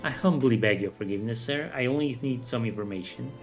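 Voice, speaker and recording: A man's voice: mid-range voice, quick pace, close to an everyday voice. Guy doing a super polite half-orc lady adventurer, formal talk, some music behind. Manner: formal, courteous.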